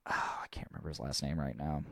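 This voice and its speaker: Deep-voiced rambling man telling a story. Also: fast, gravelly, fairly bright tone, dry recording. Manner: rambling, swears freely, restarts often, laughs at own story. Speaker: podcast co-host. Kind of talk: casual storytelling chat.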